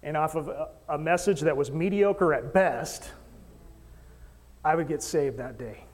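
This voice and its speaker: A man preaching a sermon as pastor, animated storyteller who acts out voices and jokes with the congregation. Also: a little high, a little slow, long reverb tail. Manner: animated storytelling, acting out quoted voices, joking with the crowd. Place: church stage in a hall.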